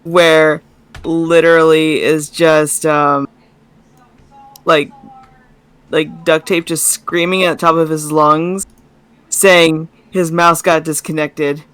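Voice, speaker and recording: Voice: medium pitch, flat delivery, slow, long pauses, fairly bright tone, smooth. Young adult on voice chat, casual and rambly, lots of "like"s. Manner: chatty, giggly, says "like" a lot. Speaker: co-host friend on voice chat.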